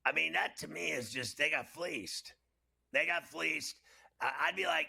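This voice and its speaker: A man's voice: on the high side, a little slow, gravelly, bright, forceful tone, husky. A man co-hosting a sports betting show, giving blunt, incredulous opinions on trades and games.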